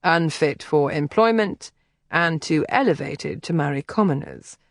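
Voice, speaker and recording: A woman reading an audiobook, voicing a confident young aristocratic man who speaks in a measured, blunt, dry way. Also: low-pitched, expressive, creaky, no echo, pitched below the performer's own voice, heavily acted.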